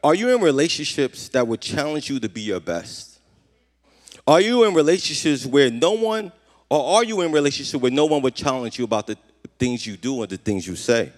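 A man's voice: mid-range voice, big pitch swings, a little fast. A man preaching a sermon as a pastor, earnest, often repeating questions to his congregation. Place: church. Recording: reverberant hall.

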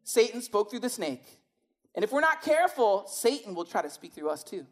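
A woman's voice: medium pitch, very animated, brisk. A woman preaching a sermon in a conversational, emphatic way, often asking rhetorical questions.

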